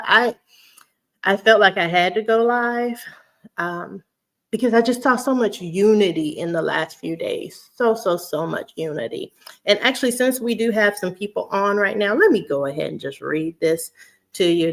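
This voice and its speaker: A woman with a Southern US accent, chatting casually on a livestream. She is a teacher, reads viewer comments aloud and laughs often. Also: mid-range voice. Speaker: vlogger on a weight-loss journey.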